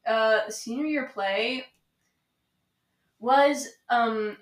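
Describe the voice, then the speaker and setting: A woman's voice: fairly high pitch, extremely slow. A young woman guest on a podcast, chatting casually in an upbeat, slangy way and laughing easily. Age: young adult. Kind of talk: casual chat. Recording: roomy echo.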